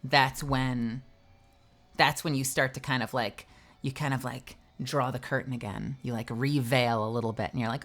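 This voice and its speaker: A young woman voice actor chatting on a live stream, wandering from thought to thought. She cracks self-mocking jokes in a low-pitched, easygoing voice. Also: steady tone, moderate pace. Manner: rambling, joking, self-mocking. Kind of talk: casual live-stream chat.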